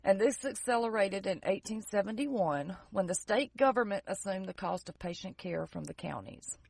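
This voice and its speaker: A woman's voice: mid-range voice, lively intonation, moderate pace, gravelly, a little mellow. A woman co-hosting a casual podcast, narrating history from her notes with joking, sarcastic asides. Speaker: podcast co-host.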